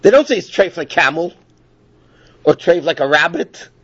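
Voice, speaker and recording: A man with a somewhat high voice leads an informal class, telling stories in a casual, wandering way. The recording is dry and dull, like cheap gear in a small space. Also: expressive, moderate pace, slightly rough, no echo. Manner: casual, rambling, self-interrupting. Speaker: Torah class teacher. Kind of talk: informal storytelling lesson.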